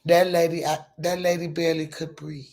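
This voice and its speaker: A woman's voice: deep voice, flat delivery, fairly quick, darkish tone. A middle-aged woman telling a personal story to her viewers in an emphatic, profane, casual way, often calling out to them directly.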